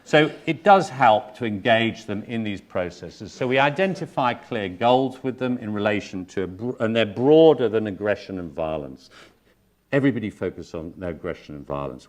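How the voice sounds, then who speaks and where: A man, a psychotherapist, giving a conference lecture and acting out the voices of patients and colleagues. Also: lowish voice. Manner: animated, acts out patients and colleagues in quoted voices.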